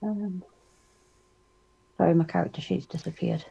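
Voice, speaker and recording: A woman's voice: lowish voice, steady tone, a little slow, vocal fry, dark tone, husky. Woman player on a dull, muffled mic. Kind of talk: casual tabletop play.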